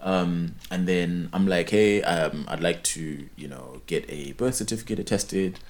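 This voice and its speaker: A man's voice: sits low, a little slow. A young Zimbabwean man whose first language is Ndebele, telling a story in casual chat and acting out both sides of a phone call.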